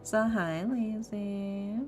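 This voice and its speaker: A woman's voice: medium pitch, steady tone, drawn-out words. A woman streamer chatting casually and joking with her viewers before a tarot reading. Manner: joking, self-mocking, laughs often. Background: soft lo-fi music.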